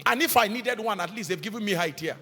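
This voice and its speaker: A man's voice: sits high, expressive, quick pace, sharp tone. A male pastor preaching a sermon to a congregation in a church hall, asking the crowd questions as he goes. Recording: long hall reverb, faint music behind.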